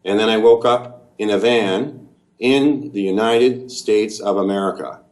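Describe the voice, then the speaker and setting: Earnest Canadian man, lowish voice. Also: unhurried, a little mellow. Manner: earnest, detailed, methodical storytelling. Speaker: interviewee. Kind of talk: long first-person account in an interview.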